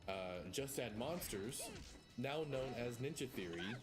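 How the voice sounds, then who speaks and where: A man's voice: medium pitch, lively intonation, a little slow. A man streaming a retro game, chatting casually and rambling with self-mocking asides. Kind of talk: casual gameplay chat. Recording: game music behind voice.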